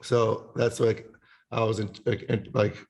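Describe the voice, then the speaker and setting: This podcast guest is a male musician from an Italian family who chats casually and rambles, peppering his talk with swearing and sung bits. His voice is fairly low, level, and gravelly, and he speaks a little slowly.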